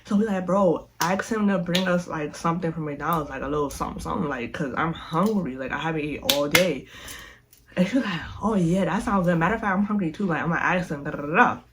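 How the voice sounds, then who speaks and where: Animated young woman telling a story. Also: on the low side, fast, very noisy. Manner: animated, slangy, repeats herself. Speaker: vlogger. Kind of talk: casual storytime.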